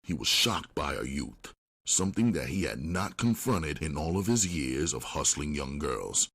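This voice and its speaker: A man narrating an audiobook in a steady, unhurried storytelling manner. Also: very deep voice, slightly rough.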